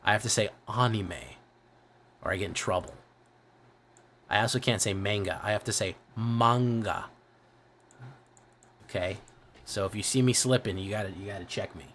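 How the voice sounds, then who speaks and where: A man's voice: fairly low pitch, quick pace, fairly bright tone, slight background noise. Rambling profane Midwest man streamer. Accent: American Midwest. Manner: profane, rambling, self-correcting. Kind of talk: casual livestream chat.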